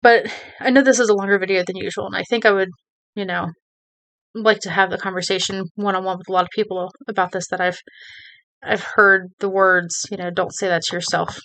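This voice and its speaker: A woman with a medium-pitched, fairly bright voice speaks briskly and in a steady tone. As a video creator, she gives her viewers earnest, rambling advice to camera in a casual way, full of restarts and "you know"s.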